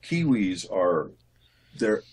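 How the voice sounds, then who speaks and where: A man, a voice actor, answering interview questions in a relaxed, thoughtful way, often restarting his sentences as he explains. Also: deep voice, drawn-out words, breathy edge. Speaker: voice actor guest.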